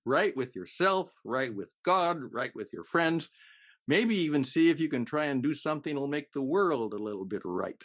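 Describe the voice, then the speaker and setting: A man hosting a casual radio conversation, often chuckling and pausing on fillers, heard on a slightly muffled radio recording. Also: fairly high pitch, lively intonation, fairly bright tone, no echo. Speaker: radio host.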